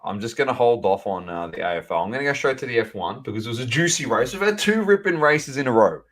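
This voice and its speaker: A man co-hosting a sports podcast, chatting casually and animatedly, calling out to the audience as ladies and gentlemen. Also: medium pitch, quick pace. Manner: animated, banter-heavy, addresses listeners as ladies and gentlemen. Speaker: podcast co-host.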